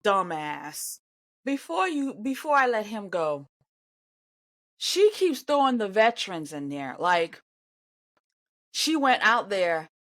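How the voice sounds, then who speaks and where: A woman's voice: high voice, no echo, clean studio sound. A woman giving reaction commentary on an interview, indignant and sarcastic, talking back at the screen. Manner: animated, swings between loud outbursts and mutters.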